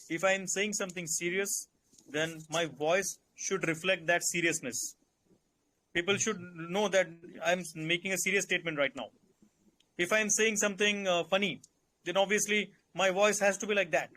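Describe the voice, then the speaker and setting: Bright, high-voiced Indian man coaching. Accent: Indian English. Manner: calm, instructive, repeats key points. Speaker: interview coach. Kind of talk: advisory Q&A session.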